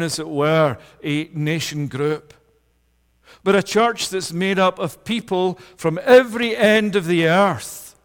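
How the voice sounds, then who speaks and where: A man's voice: high-pitched, in a large hall. A middle-aged man preaching a sermon, emphatic, building lists with rising force. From Scotland. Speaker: pastor.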